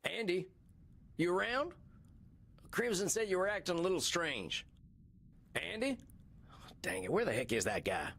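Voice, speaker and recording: A man's voice: sits high, very animated, moderate pace, long pauses, fairly bright tone, a little hiss or hum, heavily acted. An actor with a Southern US accent playing a folksy, blunt male cowboy vampire in game dialogue. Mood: worried. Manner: folksy, plain-spoken.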